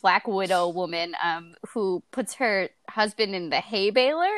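A woman's voice: mid-range voice, a little slow, fairly bright tone, no echo. A woman co-hosting a casual chat, giggly and chatty with lots of ums. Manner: chatty, giggly, hesitant fillers. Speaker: podcast co-host.

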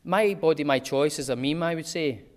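A man's voice: fairly high pitch, moderate pace. A man giving an informal talk to a small group, chatty and digressive, with homely examples.

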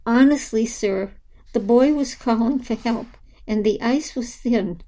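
A woman's voice: a little high, unhurried, dark tone, lightly acted. A woman voicing a small, anxious girl angel who stammers and wails her apologies, in a storybook reading. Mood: tearful.

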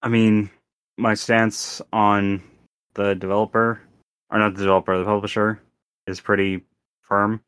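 A man's voice: lowish voice, level tone, unhurried, long pauses, a bit bright, smooth, no room sound. A man co-hosting a podcast, speaking earnestly and hesitantly, often restarting sentences. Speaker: podcast co-host. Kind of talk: casual chat.

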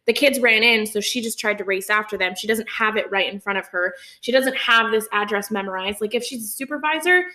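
A woman's voice: medium pitch, a little fast, few pauses, roomy sound. A young woman co-hosting a podcast, chatting casually and indignantly, with lots of filler words. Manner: animated, indignant, many fillers. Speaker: podcast co-host. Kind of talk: casual chat.

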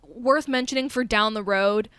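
A woman's voice: on the high side, normal speed, a bit bright, clear, resonant tone, no room sound. A woman co-hosting a podcast, chatting casually about a film with lots of fillers and the odd swear word. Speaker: podcast co-host.

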